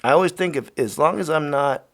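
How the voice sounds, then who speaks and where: A man hosting a podcast, rambling casually and swearing often, swinging from loud rants to quiet mutters. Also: fairly high pitch, brisk. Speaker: podcast host. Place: Los Angeles.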